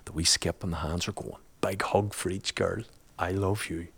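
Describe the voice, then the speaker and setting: A man's voice: low-pitched, fairly even intonation, normal speed, gravelly, a bit bright, husky. A man, a guest and father, telling a personal story in a chatty, colloquial way, laughing often.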